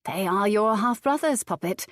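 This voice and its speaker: A stern, loyal maidservant from a historical romance audiobook, as a woman narrator does her, firm and commanding with a deep voice. The sound is close and dry. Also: expressive, normal speed, no echo, lightly acted. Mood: calm. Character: tall stern loyal female servant, protective.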